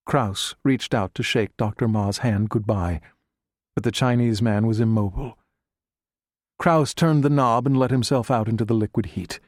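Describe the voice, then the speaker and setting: A man reads an audiobook in a measured, even storytelling style, his voice on the lower side. The scripted narration is studio quality with no room sound.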